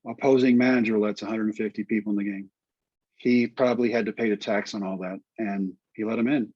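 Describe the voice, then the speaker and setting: Husky-voiced man telling a story. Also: on the low side, fairly quick, no room sound, highs cut off. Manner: animated storyteller, quotes people in voices. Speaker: guest, former pitcher. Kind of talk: storytelling interview.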